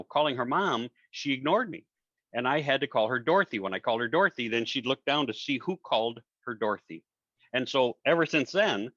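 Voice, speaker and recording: A man's voice: medium pitch, bright, forceful tone, dry recording. An older man, a professional speaker, answering interview questions with conversational stories and acted-out dialogue. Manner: conversational, acts out quoted dialogue, many fillers. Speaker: guest speaker. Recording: dull dry audio.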